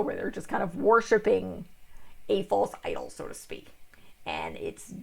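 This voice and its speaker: Tired young woman rambling thru a book review, lots of ums, really gravelly and husky. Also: mid-range voice. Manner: rambling, full of fillers and restarts. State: tired, yawning.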